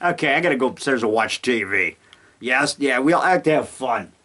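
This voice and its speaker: A man's voice: mid-range voice, expressive, brisk, bright, forceful tone. A middle-aged man talking casually at home, telling stories with lots of chuckles and acted-out quotes. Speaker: amateur filmmaker. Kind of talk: casual rambling monologue. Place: home basement.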